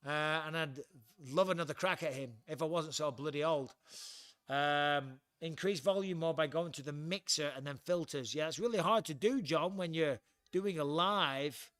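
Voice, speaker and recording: A man's voice: fairly high pitch, normal speed, a bit bright, dry recording. A middle-aged man with an English accent, hosting a casual livestream from home, chatty and blunt, swearing freely. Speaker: livestream host.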